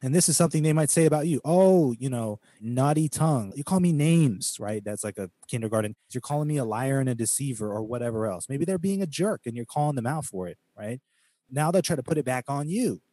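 Emphatic preachy man, dark voice. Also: mid-range voice, lively intonation, quick pace, no room sound. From United States. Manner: emphatic, preachy, quotes scripture, mocks critics in quoted voices. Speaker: podcast co-host. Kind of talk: casual podcast talk, preaching tone.

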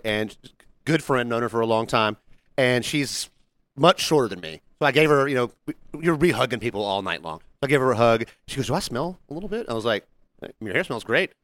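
A man's voice: medium pitch, a little fast, clean tone. A man co-hosting a casual podcast, telling workplace stories and acting out the people in them. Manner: animated storyteller acting out quotes. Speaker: podcast co-host. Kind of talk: casual storytelling chat.

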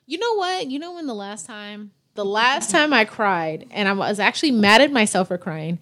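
A woman's voice: mid-range voice, lively intonation, normal speed, a bit bright. A woman hosting a podcast, chatting candidly and emotionally, swearing freely. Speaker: podcast host. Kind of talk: casual chat.

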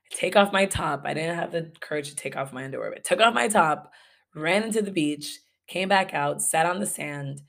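Gravelly, low-voiced woman storyteller. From Los Angeles, USA. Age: young adult. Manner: profane, candid, laughing storyteller. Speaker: podcast host. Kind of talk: casual story-time monologue.

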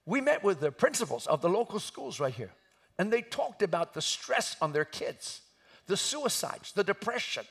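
Fiery high-voiced preacher. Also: male voice, very animated, normal speed, vocal fry, slightly rough. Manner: impassioned, shouting at climaxes. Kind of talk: sermon.

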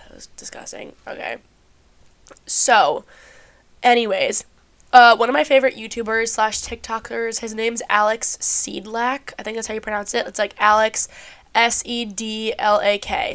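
Young woman podcasting, kinda stuffy, smooth higher voice, says like constantly and swears a lot. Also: a bit bright. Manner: chatty, swears often, heavy use of "like". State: stuffy-sounding. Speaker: podcast host. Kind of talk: casual self-help chat.

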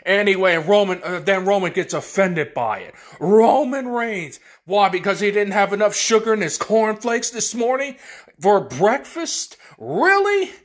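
A man with a high voice hosts a podcast, talking slowly and deliberately. His casual commentary is animated and full of sarcastic asides. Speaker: podcast host.

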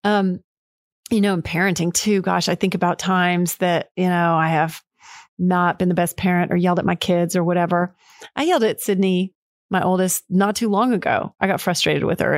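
A woman's voice: on the low side, dry recording, clean studio sound. A middle-aged woman hosting a podcast, talking candidly and reflectively on her own, rambling with fillers and quoting herself. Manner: candid, rambling, with frequent fillers and self-quotes. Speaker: podcast host. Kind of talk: reflective solo monologue.

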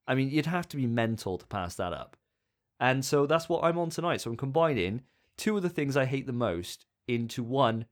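Chatty British man hosting a podcast. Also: mid-range voice. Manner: chatty, self-mocking, sweary. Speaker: podcast host. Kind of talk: casual podcast chat.

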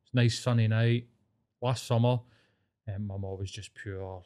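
A man's voice: lowish voice, fairly even intonation, moderate pace, darkish tone, smooth. A man in his forties with a Glaswegian Scottish accent, telling rambling stories in casual chat and swearing freely. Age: 40s.

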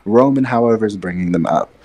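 A man's voice: fairly low pitch, quick pace, mellow. A man co-hosting a casual wrestling chat podcast, rambling and opinionated, speaking from a distance away from his microphone. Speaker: podcast co-host. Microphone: far from his mic.

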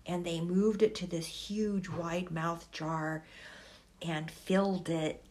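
A woman telling a personal story slowly and reflectively in an interview, with feeling. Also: fairly low pitch, steady tone, a little mellow. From United States. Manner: slow, reflective, emotional. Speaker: guest.

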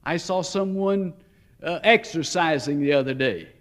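High-pitched guy preaching, tells stories, slows way down on the big points. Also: a bit bright. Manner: story-telling, shifts between slow emphasis and quick asides. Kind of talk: sermon.

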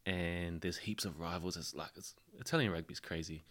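Deep-voiced and a bit bright, a young New Zealand podcast guest talks at normal speed with fairly even intonation. He's a laid-back storyteller in casual chat who can't stop saying "bro."

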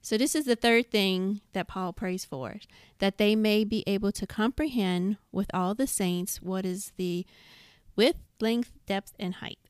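A woman's voice: medium pitch, measured pace, clear, resonant tone, no echo, clean studio sound. A woman leading a casual Bible study discussion, who reads scripture aloud and poses questions to the group.

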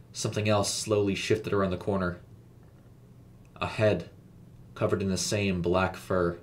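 Low-voiced guy reading a creepy story, slow and suspenseful. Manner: measured, suspenseful. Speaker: narrator. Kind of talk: scripted horror story narration.

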